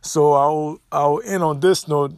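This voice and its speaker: A Haitian man whose first language is Haitian Creole speaks to his viewers in a relaxed, rambling monologue. His voice has a gravelly edge, and he often circles back and repeats phrases. The sound is dry and close, with no room echo. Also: fairly high pitch. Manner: repetitive, restarts phrases, unhurried explaining. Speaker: commentator sharing his view.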